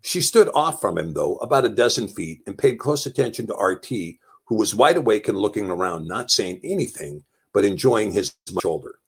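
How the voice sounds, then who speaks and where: A man's voice: on the low side, sing-song, moderate pace, creaky, few pauses, slightly rough. A man reading a novel aloud as narrator, telling it plainly and lightly voicing the dialogue. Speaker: audiobook narrator. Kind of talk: scripted narration.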